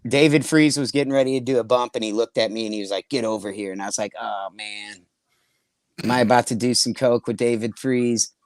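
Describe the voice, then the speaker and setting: A man's voice: mid-range voice, steady tone, brisk, dry recording. Profane rambling man telling stories. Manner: profane, laughing, rambling anecdotes. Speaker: comedy podcast host. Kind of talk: casual storytelling chat.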